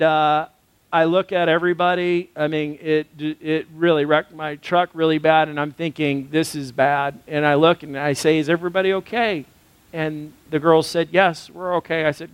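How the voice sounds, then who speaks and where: Male pastor, higher voice, earnest conversational sermon, dry close recording. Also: level tone, normal speed, clean tone, dry recording. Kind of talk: sermon with personal story.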